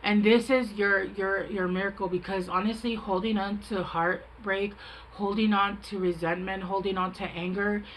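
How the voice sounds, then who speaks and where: A woman's voice: mid-range voice, fairly even intonation, moderate pace, slight background noise, rough recording. A woman giving a casual, rambling tarot reading, frank and chatty, often stopping to restart her sentences. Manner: rambling, chatty, self-interrupting. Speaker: tarot reader.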